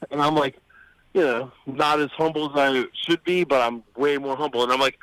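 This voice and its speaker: High-voiced man rambling on live radio. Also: normal speed, fairly bright tone, no echo, rough recording. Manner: rambling, profane, acts out quoted voices. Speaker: radio show co-host. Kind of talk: casual storytelling on live radio. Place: radio studio.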